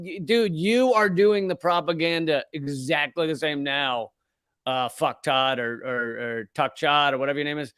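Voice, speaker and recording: A man's voice: a little high, fairly bright tone, clear, resonant tone, no echo, studio quality. A male comedian hosting his show, ranting with profanity and sarcastic mockery. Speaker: comedian host. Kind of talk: ranting political commentary.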